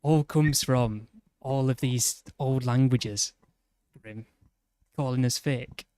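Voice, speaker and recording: A man with a Yorkshire accent streaming a game, rambling and indignant in casual banter, full of quick restarts. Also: medium pitch, darkish tone, no room sound. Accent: Yorkshire English. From Yorkshire, England. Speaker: livestreamer. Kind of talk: casual gaming stream chat.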